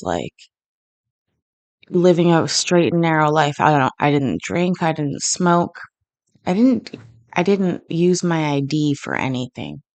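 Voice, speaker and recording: A woman's voice: low voice, darkish tone. Chatty Canadian woman, rambling story. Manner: rambling, lots of fillers and restarts. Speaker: host. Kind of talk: casual storytelling chat. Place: home kitchen.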